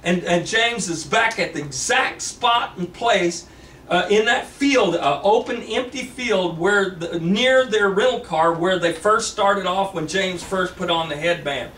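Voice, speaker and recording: A man's voice: high voice, unhurried, fairly bright tone. A man telling a long story in a rambling way, with many repeats and restarts. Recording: echoey room, distant mic, faint hiss.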